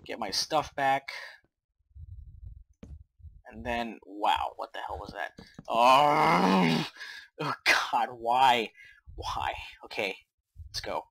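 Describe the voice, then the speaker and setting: A young man giving casual game commentary, jumpy and swearing, swinging between hushed muttering and panicked yells. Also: mid-range voice, slow, long pauses, low-quality recording. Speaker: gamer.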